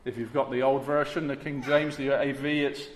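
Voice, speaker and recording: Male preacher, mid-pitched, hushed-to-forceful delivery, recorded in a large church hall with lingering reverb. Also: level tone, normal speed. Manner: emphatic, rhetorical, swings between hushed and forceful. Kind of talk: sermon. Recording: echoey hall, long reverb, faint background hiss.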